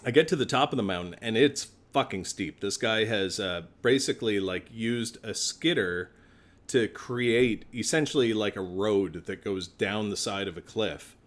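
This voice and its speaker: A man's voice: on the low side, moderate pace. A man on a podcast telling a long story in a casual way, swearing often and acting out the people in it. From Canada. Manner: swears a lot, acts out both sides of a phone call. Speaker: podcast co-host.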